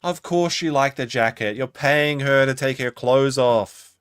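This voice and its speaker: A man's voice: medium pitch, measured pace, fairly bright tone, clear, resonant tone, no room sound, clean studio sound. A man doing reaction commentary on a stream, mocking and sardonic as he picks apart a clip.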